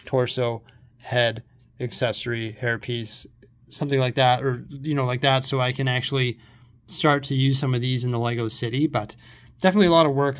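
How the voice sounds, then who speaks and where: A man vlogging at home, talking casually and rambling with lots of fillers as he sorts and shows his things. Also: medium pitch. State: out of breath. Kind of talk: casual vlog chat. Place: house, rooms and stairs.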